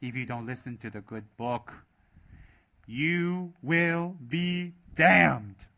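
A man putting on the voice of a hellfire-preaching male televangelist, loud and drawn-out as he threatens damnation. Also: fairly high pitch, creaky, voice pushed up, full character voice. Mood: threatening.

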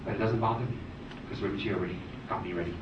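A man giving a dharma talk as a Buddhist teacher, animated and teasing, rattling off long lists. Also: lowish voice, racing, background noise. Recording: echoey room, distant dull mic.

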